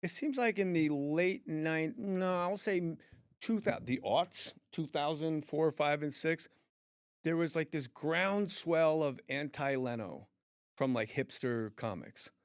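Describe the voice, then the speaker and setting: A man's voice: a little high, slow pace, clean tone, no echo, clean studio sound. A man hosting a podcast, chatting casually and telling stories while doing voices for the people in them. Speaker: podcast host and comedian.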